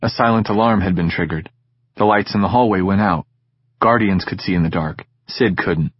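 Male audiobook narrator, measured delivery, low voice, husky, dull dry recording. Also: dry recording. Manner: measured, steady storytelling. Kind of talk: scripted narration.

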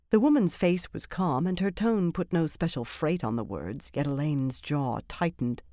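A woman narrates a fantasy novel in a measured, even storytelling manner. Her voice sits low. The recording is dry and close, with no room sound. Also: no room sound. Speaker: audiobook narrator.

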